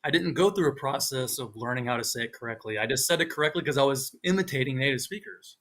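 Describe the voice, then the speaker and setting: A man co-hosting a live online talk, telling stories in a casual, animated way and acting out quoted speech with big jumps in his voice. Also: medium pitch, quick pace. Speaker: co-host. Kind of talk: casual chat on a livestream.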